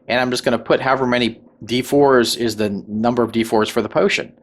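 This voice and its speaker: A man hosting a tabletop crafting tutorial, talking through each step in a relaxed way with many fillers and little check-ins. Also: medium pitch. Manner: relaxed, filler-heavy, checks in with "right?" and "okay?". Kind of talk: casual craft tutorial voice-over.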